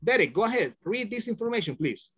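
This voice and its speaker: Patient teacher, animated pitch. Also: fast, breathy edge. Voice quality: patient, repeats words to correct and stress them. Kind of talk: online class instruction.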